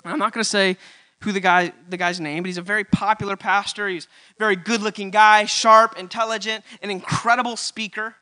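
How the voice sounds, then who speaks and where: A man preaching a church sermon, building to loud emphatic peaks and repeating his key lines. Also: high voice, level tone, a little fast. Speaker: pastor.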